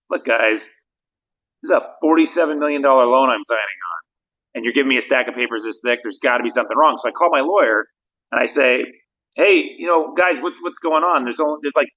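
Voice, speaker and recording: Animated man telling stories, dull audio. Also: a little high, fast talker. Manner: animated storyteller, laughs often. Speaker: podcast co-host, real estate investor. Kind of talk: casual livestream chat.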